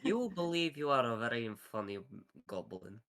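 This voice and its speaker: A man's voice: medium pitch, very animated, normal speed, a bit bright. A man playing a stiff, earnest male guardian of books in a tabletop game, speaking in a formal, literal-minded way. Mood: stern. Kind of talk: tabletop role-play.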